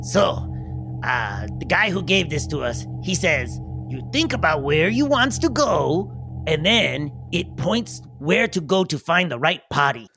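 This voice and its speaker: A man's voice: fairly high pitch, big pitch swings, measured pace, vocal fry, bright, forceful tone, soft background music, full character voice. A man voicing an eager male goblin who talks in broken grammar. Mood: excited.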